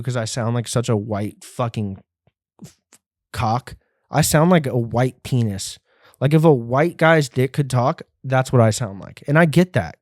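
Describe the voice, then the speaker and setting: A young man hosting a podcast, ranting in a profane, rambling and animated way. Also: mid-range voice, dry recording, studio quality. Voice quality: sounds like a white guy, by his own account. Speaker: podcast host. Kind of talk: casual rant.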